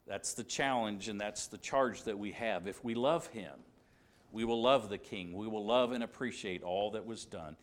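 A man's voice: medium pitch, normal speed. Emphatic man preaching a sermon. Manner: emphatic, repeats key phrases, dramatic quoted dialogue. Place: church service.

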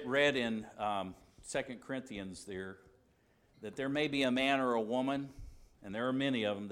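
Male preacher mid-sermon, emphatic, repeats lines, dramatizes quotes. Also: on the low side. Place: church service.

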